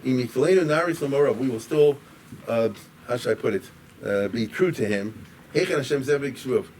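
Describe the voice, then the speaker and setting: A man teaching a class as a rabbi, in a conversational, digressive way that grows animated when he quotes. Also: medium pitch, normal speed. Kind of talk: informal lecture. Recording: distant mic with faint room noise.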